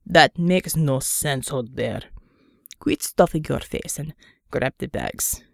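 A weary male leader with a dry, exasperated delivery, as a woman reader puts him on. He speaks low and slow, tired of the bear's antics. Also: animated, vocal fry, dry recording, full character voice.

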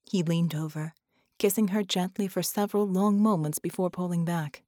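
A woman narrates an audiobook in a measured, dramatic way. Her voice sits on the low side. The recording is dry and close, with no room sound. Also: fairly even intonation, darkish tone, dry recording. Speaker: audiobook reader.

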